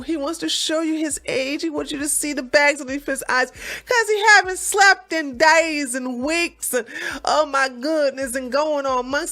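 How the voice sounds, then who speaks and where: Woman host, reaction commentary, sassy and mocking, high swooping voice. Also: pushed and bright.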